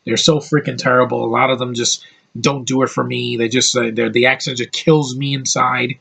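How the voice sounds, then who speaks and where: A man's voice: medium pitch, flat delivery, normal speed, vocal fry, bright, forceful tone, slightly rough. Blunt American man reviewing a movie. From United States. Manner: blunt, opinionated, swears freely; rambling with frequent restarts. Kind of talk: casual spoken film review.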